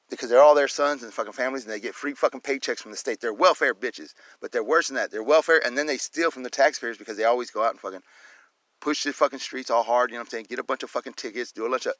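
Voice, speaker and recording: A man's voice: medium pitch, fast, fairly bright tone, no echo. A man ranting angrily and swearing constantly, repeating filler phrases as he vents. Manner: swears constantly, heated, repeats "you know what I'm saying". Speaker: vlogger filming a police and security encounter. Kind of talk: profane angry rant.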